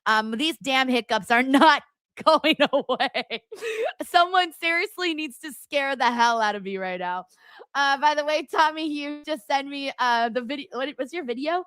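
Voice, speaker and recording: A woman's voice: high voice, moderate pace, a bit bright, no echo, clean studio sound. A woman hosting a live watchalong stream, chatting bluntly with her viewers in a casual, rambling way. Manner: chatty, blunt, full of fillers and asides to chat. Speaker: livestream host.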